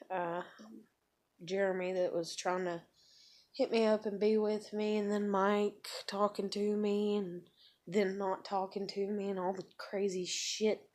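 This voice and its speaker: Thirty-something woman ranting at home, rambly and cussing a lot, mid pitch. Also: warm tone. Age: 30s. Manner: rambling, profane, frustrated. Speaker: vlogger. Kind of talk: casual venting monologue. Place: room at home.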